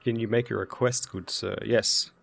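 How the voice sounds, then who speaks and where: An Australian man talks through a game stream in an easy, muttering way, thinking aloud as he plays. His voice sits low and carries a rough, gravelly fry. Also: steady tone, normal speed, a bit bright. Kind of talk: casual gameplay commentary.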